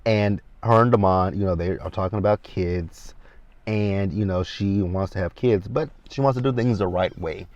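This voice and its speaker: A man in his thirties with a lowish voice rambles through a TV recap from inside his car. He chats casually and keeps talking to the viewers directly. The sound is dry and a bit dull and lo-fi. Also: moderate pace, darkish tone, no room sound. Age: 30s. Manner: chatty, talks straight to viewers as "you guys". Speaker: TV show recap vlogger.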